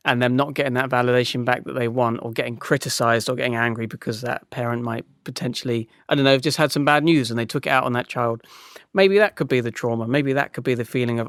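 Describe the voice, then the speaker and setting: A man's voice: mid-range voice, brisk, fairly bright tone, smooth, no room sound, studio quality. A young man hosting a solo podcast, rambling and self-mocking with many restarts as he reflects aloud. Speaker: podcast host.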